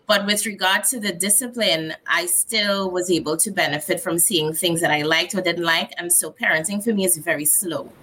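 A woman's voice: lowish voice, normal speed, few pauses, slight background noise, rough recording. A woman in her thirties from Trinidad and Tobago with a Trinidadian accent, speaking candidly and reflectively as a guest in a casual conversation. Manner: candid, reflective, animated storyteller.

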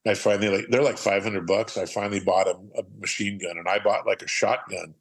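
A man's voice: on the low side, fairly even intonation, brisk, husky, rough recording. A middle-aged man from Southern California, a podcast guest, telling rambling, profane anecdotes and acting out the quotes. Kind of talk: casual storytelling.

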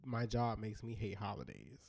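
A young man on a casual podcast, telling stories in a low-key, mellow way. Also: lively intonation, normal speed, gravelly.

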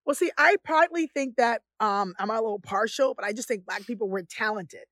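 A woman chatting casually, telling lively stories and acting out other people's voices. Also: fairly high pitch, a little fast, no room sound. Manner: animated storyteller, acts out voices. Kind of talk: casual chat.

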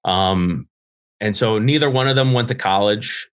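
A man's voice: lowish voice, a little slow, fairly bright tone. A middle-aged man from New Jersey, a podcast guest telling candid, profane stories about growing up and laughing at himself. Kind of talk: casual interview storytelling.

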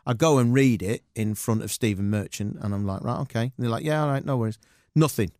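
A man's voice: mid-range voice, quick pace, no echo, clean studio sound. A man, a guest telling showbiz anecdotes in a casual interview, acting out other people's lines as he goes. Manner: animated anecdotes with quoted voices and laughter.

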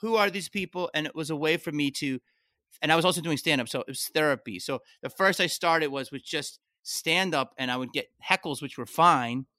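Talking a little fast, a man appearing as a comedian guest on a podcast spins animated, casual stories laced with swearing and sudden high-pitched outbursts. Dry, studio-quality recording.

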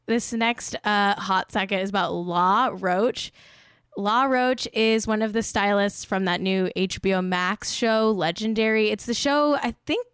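A woman's voice: medium pitch, smooth, no echo, clean studio sound. A young woman hosting a podcast, chatting casually in a giggly, rambling, playful way. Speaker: podcast host. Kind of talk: casual chat.

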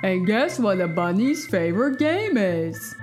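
A woman's voice: medium pitch, sing-song, measured pace. A woman voicing a cheerful cartoon dog who tells silly pun jokes on a children's podcast, with music behind. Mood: playful. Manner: bouncy, tells silly puns. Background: background music.

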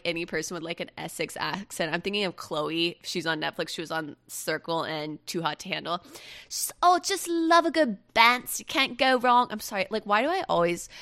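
Young woman host, bright forceful tone, a bit low-pitched, gushing chatty delivery. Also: vocal fry. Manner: gushing and chatty, quick asides. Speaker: podcast host. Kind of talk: casual pop-culture chat.

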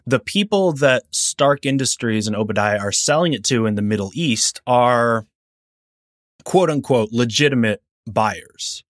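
A man co-hosts a casual film podcast and talks in a chatty, joking way. His pitch sits in the middle. The sound is dry and close. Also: lively intonation, measured pace, dry recording. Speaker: podcast co-host.

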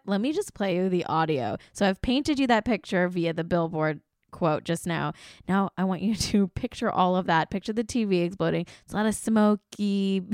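A woman's voice: on the low side, darkish tone, dry recording, studio quality. A woman hosting a casual pop-culture podcast, chatty and gushing, laughing often between remarks. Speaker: podcast host.

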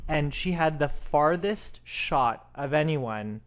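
A man's voice: a little high, lively intonation, slow, clean tone. A man co-hosting a tennis podcast, chatting casually in a camp, playful way. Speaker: podcast co-host. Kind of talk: casual chat.

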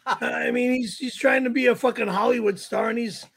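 A man who is a guest on a comedy talk show, cursing and complaining loudly in casual chat. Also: very high voice, steady tone, normal speed, vocal fry, slightly rough, no echo.

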